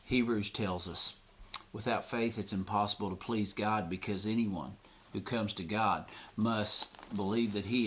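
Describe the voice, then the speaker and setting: A man's voice: fairly low pitch, fairly bright tone, slight background noise. Earnest man preaching a sermon. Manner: earnest, retells scripture scenes with quoted voices. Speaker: pastor.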